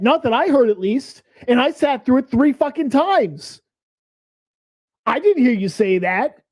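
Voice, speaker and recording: A man's voice: very high-pitched, expressive, unhurried, darkish tone. A man hosting a reaction stream, ranting angrily and swearing, a little tipsy. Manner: angry, profane ranting. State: tipsy from beer. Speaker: stream host.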